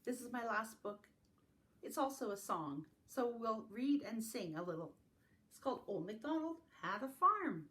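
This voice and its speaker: A woman reading farm-animal picture books aloud to young children in a slow, sing-song storytime manner, adding animal sounds along the way. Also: on the high side, sing-song, fairly bright tone. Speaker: family literacy facilitator. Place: home, recorded for an online circle.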